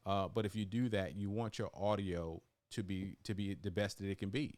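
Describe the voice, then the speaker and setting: A man's voice: deep voice, fairly even intonation, moderate pace, a little mellow, no echo. A man hosting a casual video-call interview, chatty, often repeating and restarting his words. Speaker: host.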